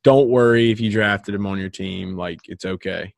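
A man's voice: lowish voice, normal speed, gravelly, no room sound. A man co-hosting a casual sports podcast, rambling with lots of filler words. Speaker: podcast co-host.

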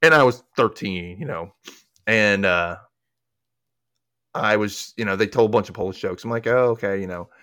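A man's voice: fairly low pitch, moderate pace, pauses often, smooth, no echo. A man hosting a podcast, chatting casually and acting out quotes from scenes. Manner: animated, acts out quotes from scenes. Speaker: podcast host. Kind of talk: casual recap chat.

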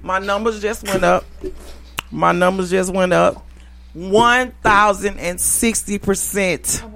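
A woman's voice: medium pitch, steady tone, takes it slowly, creaky, fairly bright tone, slight background noise. A tipsy woman comedian hosting a show, talking in a brash, profane and boisterous way. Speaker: host and comedian. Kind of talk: casual show chat.

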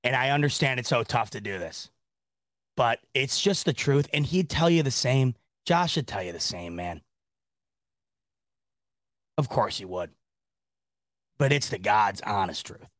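A man's voice: mid-range voice, expressive, measured pace, long pauses, fairly bright tone, no room sound, clean studio sound. A man hosting a sports reaction podcast, talking casually in a rambling, exasperated way with lots of restarts and laughter. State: laughing to tears.

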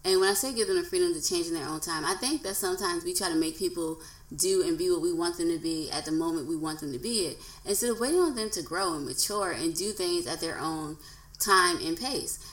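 A woman's voice: on the low side, fairly quick. A woman in her thirties hosting her own podcast, talking earnestly and casually, now and then acting out quoted voices. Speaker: podcast host. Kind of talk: casual solo podcast talk. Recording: echoey room.

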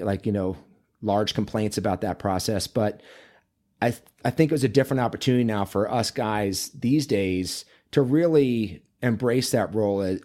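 A man's voice: fairly low pitch, darkish tone. A man who is a men's coach and author, guest on an interview show, telling stories in a casual, earnest, rambling way.

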